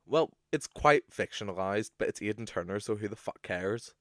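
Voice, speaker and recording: A young man co-hosting a podcast, talking in a chatty, animated way that is full of swearing. His voice sits fairly low, and the recording is dry and close. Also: normal speed, dry recording. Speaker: podcast co-host. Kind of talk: casual chat.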